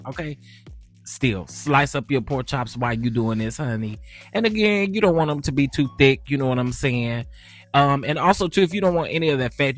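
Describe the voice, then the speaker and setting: A man cooking on camera and talking casually, chatty and lively, with a steady stream of "child" and "honey.". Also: on the high side. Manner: animated, chatty, keeps saying child and honey. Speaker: cooking vlogger. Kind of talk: casual cooking and gossip chat.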